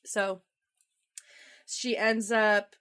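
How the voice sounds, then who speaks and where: A woman's voice: mid-range voice, extremely slow, clear, resonant tone. A young woman co-hosting a podcast, casually retelling a movie plot with laughs and acted-out quotes. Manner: animated, acts out quoted lines with laughs. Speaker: podcast co-host.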